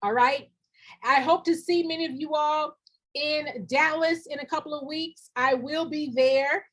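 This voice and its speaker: Her voice is high, steady, slightly bright and a little slow: a middle-aged nonprofit coach speaking live to her audience in a motivational stream. She preaches directly, repeats lines for emphasis and speaks colloquially with y'all and ain't.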